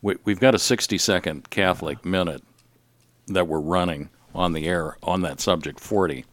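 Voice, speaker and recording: Deep-voiced man hosting Catholic radio. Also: normal speed, a bit bright, no echo. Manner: folksy, tells jokes. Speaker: radio show host. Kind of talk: casual Catholic radio chat.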